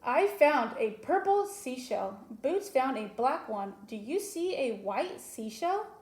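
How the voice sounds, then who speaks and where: A woman reading aloud as a cheerful young girl from a picture book, with bright, excited storybook delivery. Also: sits high, slow, exaggerated voice. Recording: roomy echo.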